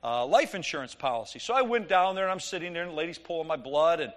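A middle-aged man preaching, telling an animated, joking story and acting out the dialogue. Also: fairly high pitch, quick pace. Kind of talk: sermon storytelling.

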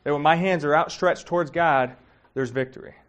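A man's voice: on the high side, brisk, a bit bright. Conversational man preaching a sermon. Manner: conversational, emotional, many fillers. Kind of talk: casual sermon.

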